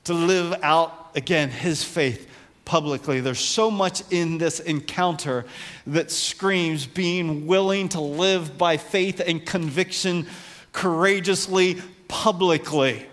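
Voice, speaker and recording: A man's voice: a little high, slow pace, fairly bright tone. A man preaching a conversational sermon as a pastor, acting out voices from the Bible story. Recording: long hall reverb.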